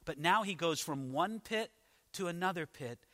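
A male pastor preaching a sermon, telling the story dramatically with rhetorical questions and swings between loud and hushed. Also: on the high side, animated, moderate pace, long reverb tail.

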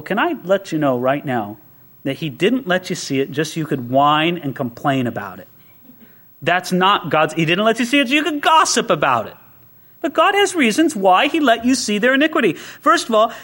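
A man's voice: very high voice, fairly bright tone. A man preaching a sermon to his congregation, reading scripture and asking rhetorical questions, his voice rising sharply on quoted prayers. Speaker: pastor.

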